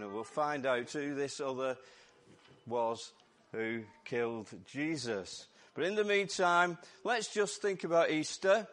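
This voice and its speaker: Man, Lancashire accent, preacher, sermon, crisp bright tone, exclamatory, slightly hoarse. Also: on the high side. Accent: Lancashire English. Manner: lively, jokey and exclamatory. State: voice going hoarse. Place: church service.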